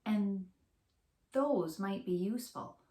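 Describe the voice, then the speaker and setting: Friendly female skunk, squeaky, chatty, eager, done by a woman, storybook voice, echoey room. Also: slow pace, mellow, natural voice. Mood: hospitable. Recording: roomy echo.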